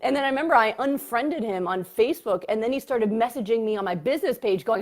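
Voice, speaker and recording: Animated woman telling a story. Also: a little high, quick pace, few pauses. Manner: animated, breaks into laughter, many fillers. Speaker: guest psychiatrist. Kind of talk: casual interview storytelling.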